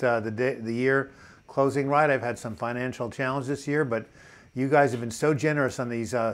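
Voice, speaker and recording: Older new york guy running a live chat, reading out comments and cracking corny jokes, medium pitch. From New York City. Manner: chatty, reads viewer comments aloud, tells corny jokes. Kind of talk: casual live-stream chat, greeting viewers.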